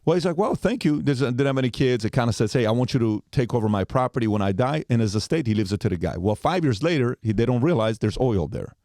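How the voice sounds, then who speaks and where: A man's voice: mid-range voice, lively intonation, fast, few pauses, mellow, dry recording, clean studio sound. A man in his forties telling a long story as a podcast guest, acting out the quoted lines as he goes.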